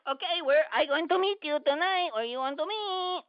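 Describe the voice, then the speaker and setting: A woman's voice: very high-pitched, moderate pace, dry recording. A woman putting on a broken-English foreign persona to taunt someone on a prank phone call. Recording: dull phone-line audio.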